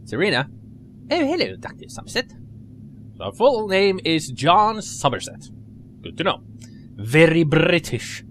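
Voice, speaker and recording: A man gives chatty let's play commentary, his pitch swinging lively and wide as he jokes along. His voice sits in a middle register. A faint hiss of noise runs under the recording. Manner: chatty, animated and joking. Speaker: gamer commentator.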